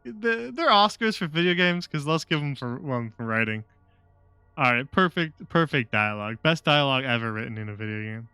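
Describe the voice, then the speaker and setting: A man's voice: on the high side, animated, normal speed, bright, forceful tone, clear, resonant tone, no room sound. A man streaming a game live, with sarcastic, joking commentary and frequent laughs.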